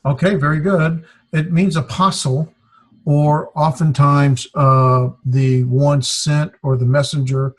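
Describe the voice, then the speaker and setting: A man teaching a classroom lesson, speaking haltingly and sounding words out syllable by syllable. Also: a little high, fairly even intonation. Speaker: Greek teacher.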